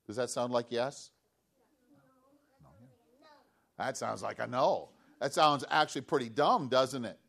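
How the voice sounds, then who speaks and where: A man preaching a children's sermon, telling a story in an animated way and asking the children questions. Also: mid-range voice, unhurried, creaky, pauses often. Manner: animated, asks children questions, acts out voices. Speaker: pastor giving a children's message.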